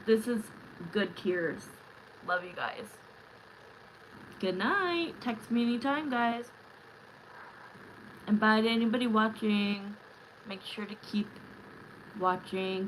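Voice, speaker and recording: A woman's voice: medium pitch, sharp tone, slight background noise, low-quality recording. A young woman doing tarot readings on a live stream, talking in a chatty, emotional way and often repeating herself. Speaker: tarot reader.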